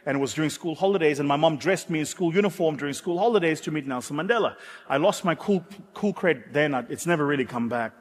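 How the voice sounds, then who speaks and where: A man's voice: a little high, quick pace. South African man telling a story onstage. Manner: animated, dramatic storyteller with self-mocking humor. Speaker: keynote speaker. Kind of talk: motivational keynote storytelling. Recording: echoey hall.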